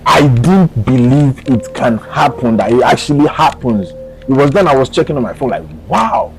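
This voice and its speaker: A young man from Nigeria with a Nigerian accent, animatedly retelling a personal story as a vlogger, dropping to a hush and rising with excitement. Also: medium pitch, normal speed, slight background noise, rough recording. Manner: animated, swings between hushed and excited retelling. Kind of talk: casual storytelling to camera.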